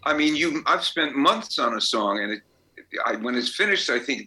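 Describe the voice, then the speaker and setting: A man's voice: on the high side, lively intonation, normal speed, pushed and bright, low-quality recording. A man in his eighties, a songwriter guest, telling anecdotes in a chatty way and laughing as he goes. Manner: chatty storyteller, laughs as he talks. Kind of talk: anecdotal interview.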